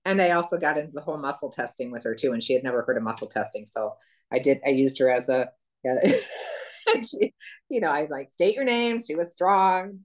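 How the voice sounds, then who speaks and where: Low-voiced chatty woman. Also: animated, brisk, a little mellow. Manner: chatty storytelling with laughs and acted-out quotes. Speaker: practitioner sharing a client story. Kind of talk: casual chat.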